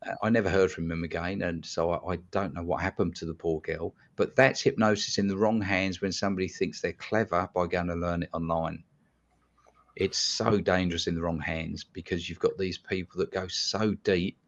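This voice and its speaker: Blunt man, low voice, lo-fi. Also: normal speed. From London, England. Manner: blunt, animated storyteller who swears casually. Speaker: guest hypnotist. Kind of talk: casual podcast storytelling. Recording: dull lo-fi sound.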